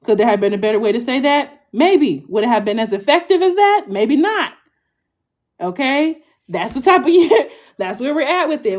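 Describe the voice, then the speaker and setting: A woman, giving a chatty, blunt tarot reading and checking in with "okay?" after nearly every line. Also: on the high side. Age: 20s. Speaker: tarot reader. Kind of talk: casual tarot reading to camera.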